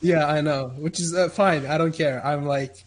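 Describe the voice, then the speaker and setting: A man's voice: on the high side, steady tone, normal speed. A man in casual live-stream chat, trading wry, laughing banter.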